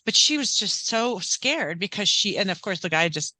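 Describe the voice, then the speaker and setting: Bright-voiced woman author, chatty guest. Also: mid-range voice, lively intonation, normal speed, no room sound. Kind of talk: casual interview chat.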